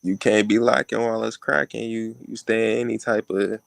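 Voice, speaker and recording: A man talking in a relaxed casual chat with street slang. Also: lowish voice, a little fast, gravelly, dry recording.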